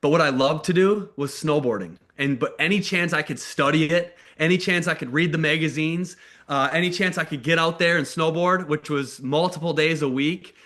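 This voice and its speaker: Bystry, jasny głos mężczyzny z USA. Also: male voice, fairly high pitch, normal speed, fairly bright tone. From United States. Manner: casual, candid storytelling, acts out quoted voices. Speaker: motivational speaker. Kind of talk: personal story told to an online call. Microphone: video call.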